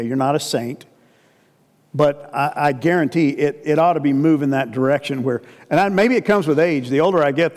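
An older man in his sixties gives a sermon in a somewhat high voice. He talks to the congregation like old friends, full of rhetorical questions and homespun humor. His words trail off into a long, echoing reverb from the sanctuary. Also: darkish tone. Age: 60s. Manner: asks the congregation rhetorical questions, folksy and joking. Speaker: pastor. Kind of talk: conversational sermon.

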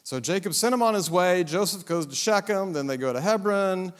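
Animated preacher with a high voice. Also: male voice, fairly quick. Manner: humorous, dramatic storytelling. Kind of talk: sermon. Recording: long hall reverb.

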